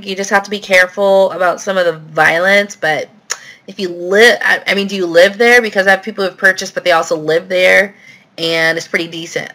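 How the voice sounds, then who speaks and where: This real estate investing host runs a live question-and-answer stream, chatting casually and filling her answers to viewers with plenty of fillers. Her mid-range voice is bright and forceful.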